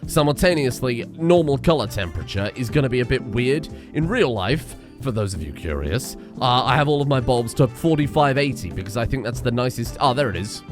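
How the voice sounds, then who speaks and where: A man's voice: mid-range voice, expressive, brisk, few pauses, music in the background. A man streaming a game and chatting casually in a rambling, self-mocking way, often swearing. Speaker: gaming streamer.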